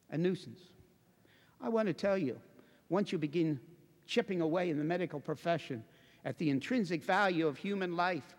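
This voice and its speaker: Impassioned high-voiced male preacher in hall. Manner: impassioned, emphatic, building to forceful declamation. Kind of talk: sermon. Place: church before a congregation. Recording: long reverberant hall.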